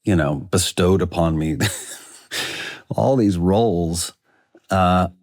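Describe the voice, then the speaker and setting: A male actor in a casual interview, telling stories with lively acted-out dialogue. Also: deep voice, takes it slowly, no echo, studio quality. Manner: animated storyteller, acts out quoted dialogue. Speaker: actor guest.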